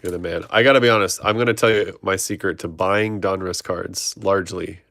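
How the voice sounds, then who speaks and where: A man's voice: deep voice, fairly even intonation, a little fast, fairly bright tone, a little hiss or hum. A man hosting a trading card break, reading off player names and chatting with viewers. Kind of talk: live card-opening stream chat.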